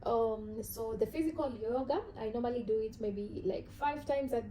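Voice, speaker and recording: A woman with an African accent talks straight to her viewers in a relaxed vlog. Her voice sits a little high and sounds mellow and soft. She speaks earnestly and thinks aloud, often restarting and repeating words. A faint hum stays in the background. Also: moderate pace, poor audio. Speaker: vlogger. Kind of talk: casual talk to camera about self-growth.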